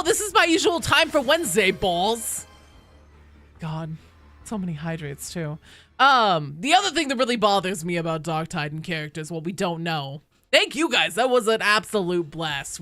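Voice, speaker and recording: A woman's voice: on the low side, dry recording. A young adult woman streaming a game, chatting casually with her viewers and swearing freely as she plays. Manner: animated, swears freely, talks to chat while playing. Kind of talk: casual live-stream chat while gaming.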